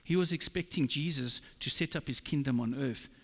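A man preaching a sermon, slow and emphatic, quoting scripture. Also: medium pitch, creaky. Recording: long reverb of a large hall.

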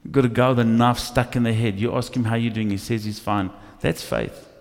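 Man, pastor, sermon, animated storytelling, long reverb from a church hall. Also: medium pitch, fairly quick, vocal fry. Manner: animated storytelling with acted asides.

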